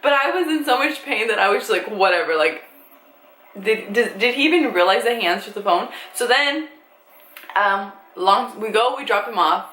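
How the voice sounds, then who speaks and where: A young woman vlogger casually telling a story, animated and swearing freely as she acts out what people said. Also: on the high side, normal speed. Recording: echoey room with faint ambient noise.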